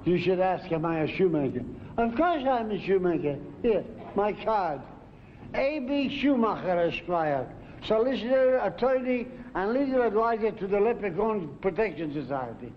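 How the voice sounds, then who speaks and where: An actor playing a fussy, world-weary middle-aged leprechaun lawyer who grumbles wryly, on a dull 1970s TV recording. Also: male voice, high voice, big pitch swings, moderate pace. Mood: grumbling. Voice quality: wry, grumbling, kvetching. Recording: dull 1970s TV sound with faint noise.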